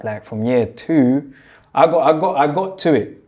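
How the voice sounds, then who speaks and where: A young man from Jamaica with a Jamaican-tinged London accent, telling his story in a relaxed interview full of street slang. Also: a little high, a little slow. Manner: laid-back street slang, lots of "you get me". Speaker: guest.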